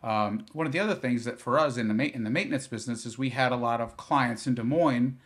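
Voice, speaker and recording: A man, a business founder from Iowa, talking as a podcast guest in a relaxed, rambling way with many fillers and restarts. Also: medium pitch, quick pace. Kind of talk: podcast interview.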